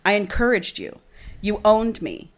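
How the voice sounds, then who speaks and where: Brooding obsessive masked man from a romance novel, low-key and hushed, read by a woman. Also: big pitch swings, unhurried. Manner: quiet intense reading of book dialogue.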